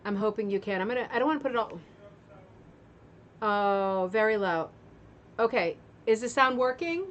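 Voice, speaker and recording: A woman runs a relaxed craft club livestream from home, chatting away and welcoming viewers one at a time while her sore throat heals. Her medium-pitched voice is expressive, her pace moderate with frequent pauses, and the lo-fi audio carries slight background noise from a running fan.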